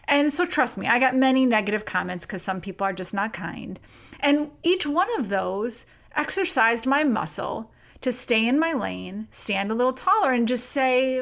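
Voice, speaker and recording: A woman's voice: on the high side, animated, normal speed, vocal fry, a bit bright. A middle-aged woman hosting her own podcast, talking candidly and with self-deprecating humor, and reading a passage from her book. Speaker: podcast host.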